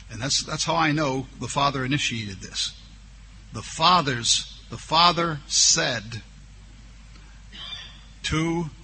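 A man's voice: medium pitch, bright, forceful tone, a little hiss or hum. A man preaching a sermon, reading scripture aloud, drawing out key words and voicing the objections his listeners might raise. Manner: slow, drawn-out emphasis on key words; voices imagined objections from listeners.

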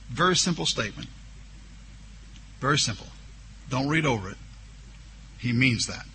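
A man's voice: mid-range voice, animated, pushed and bright, a little hiss or hum. A man preaching a sermon, reading scripture aloud, drawing out key words and voicing the objections his listeners might raise. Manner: slow, drawn-out emphasis on key words; voices imagined objections from listeners.

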